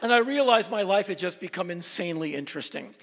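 A man spins travel tales in an animated, emphatic monologue, his voice gravelly and set a little high for a man. He swings from quiet asides to sudden shouted bursts. A long reverb from a large hall trails after each phrase. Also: brisk, a little hiss or hum. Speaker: speaker telling travel stories.

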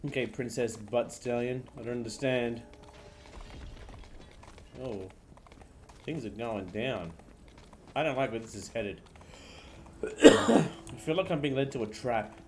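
A man's voice: mid-range voice, takes it slowly, pauses often, slight background noise. A man live-streaming a video game, commenting casually in a laid-back, amused way.

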